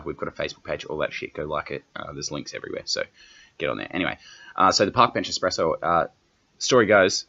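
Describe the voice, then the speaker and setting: A young Australian man hosts a solo comedy podcast, rambling and cursing nonstop in a brash, offhand way. His voice sits low but sounds pushed and bright, and the recording is muffled.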